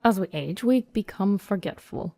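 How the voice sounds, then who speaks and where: A woman's voice: medium pitch, expressive, normal speed, vocal fry, mellow, no echo, soft background music. A woman voicing a greedy, threatening old male steakhouse owner, talking in a blustering, menacing way.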